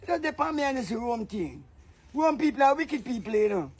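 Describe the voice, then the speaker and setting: A man with a strikingly high voice trades boisterous, jokey patois banter. He keeps saying "yeah, man" and throws in loud outbursts. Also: very animated, brisk, slightly rough.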